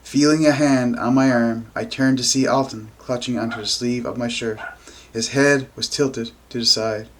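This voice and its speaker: Guy reading a novel out loud, super flat monotone, mid pitch. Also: normal speed, few pauses, a little hiss or hum. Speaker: amateur reader. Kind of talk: first-person novel reading.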